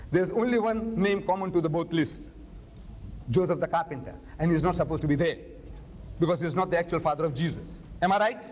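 An older man lecturing and debating in public, forceful and argumentative, firing rhetorical questions. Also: sits high. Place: large lecture hall. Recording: long hall reverb, faint noise.

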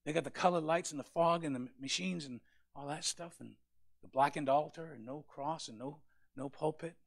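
Gravelly preaching man. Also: on the high side, brisk, dry recording, clean studio sound. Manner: impassioned preaching, voice rising to loud peaks. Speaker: pastor. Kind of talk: sermon.

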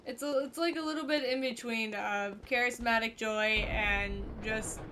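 A woman streamer giving excitable, foul-mouthed commentary to her viewers while playing a game. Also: fairly high pitch, normal speed, noisy background. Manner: excitable, swears freely, talks to her viewers. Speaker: gaming streamer. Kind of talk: let's play commentary. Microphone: headset or desk mic.

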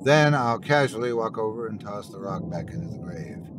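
A man's voice: lowish voice, expressive, normal speed, lightly acted. Man voicing a frightened teenage boy. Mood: pleading. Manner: pleading, shaken. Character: scared teenage boy who stole a grave rock. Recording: noisy recording.

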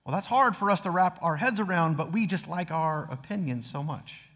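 A man's voice: a little high, lively intonation, normal speed, fairly bright tone, in a large hall. A man preaching a sermon as pastor, earnest, reading scripture aloud with dramatic emphasis. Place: church sanctuary.

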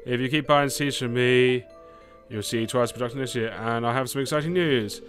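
A cheerful village shopkeeper pitches his seeds, as a British man reads the game's lines aloud. The delivery is upbeat and a little salesy, with soft game music underneath. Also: moderate pace, close to an everyday voice. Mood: chirpy. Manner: reads game dialogue in a bright put-on voice.

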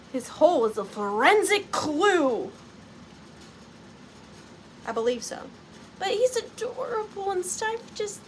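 Bubbly woman, high lively voice. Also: slight background noise. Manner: bubbly and playful, talks to her items. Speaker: online vintage seller. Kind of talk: casual live sale chat.

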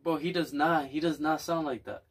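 A man's voice: fairly high pitch, steady tone, moderate pace, breathy edge. A man hosting a casual podcast chat, teasing and crude, joking around with his guest. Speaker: podcast host.

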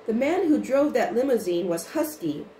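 A woman's voice: fairly high pitch, normal speed, natural voice. A woman reading as an eager teen boy detective. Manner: lively, friendly. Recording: roomy with faint noise.

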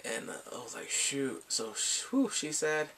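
A man recapping a drama in casual chat, excitable, often laughing and sighing as he acts out the characters' lines. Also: on the high side, moderate pace. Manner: excitable, quotes characters in lively voices, laughs and sighs often. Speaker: drama reviewer.

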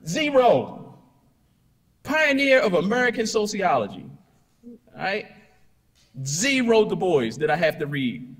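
A man's voice: on the high side, fairly bright tone. A man giving a conference keynote, conversational, peppering his points with "right?" and rhetorical questions. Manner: conversational, tags "right?" and "you know" constantly; storytelling with punchy asides and rhetorical questions. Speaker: keynote speaker. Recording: hall reverb.

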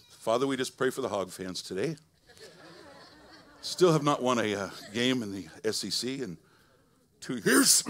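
A middle-aged male pastor preaching a sermon in a folksy, conversational way, swinging between loud preaching and soft asides. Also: medium pitch. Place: church sanctuary.

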